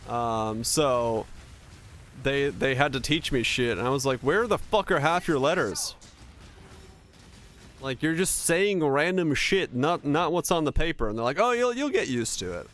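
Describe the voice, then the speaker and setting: A young Finnish man, a native Finnish speaker, chats casually with his stream chat, cursing freely and telling lively stories punctuated by frequent laughter. His voice is mid-range and measured, with a little hiss or hum in the recording.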